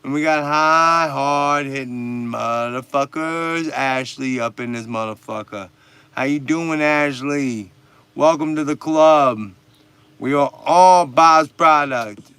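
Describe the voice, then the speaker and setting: A man's voice: on the high side, slow pace, smooth, no echo. A man hosting a casual livestream, profane and mocking as he answers chat, stoned and tired. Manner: profane, mocking, shouts at chatters. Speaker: livestream host.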